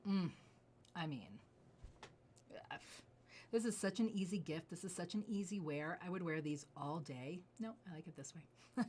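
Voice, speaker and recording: A middle-aged woman, a jewelry designer, showing off her pieces in an effusive, gushing way, often dropping to soft asides. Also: fairly low pitch, moderate pace. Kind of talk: enthusiastic product showcase.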